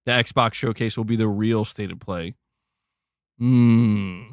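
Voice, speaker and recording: A man's voice: lowish voice, steady tone, takes it slowly, clear, resonant tone, no echo, studio quality. A man hosting a casual gaming livestream, joking and swearing freely as he talks to chat. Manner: loose, profane, joking. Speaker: livestream host.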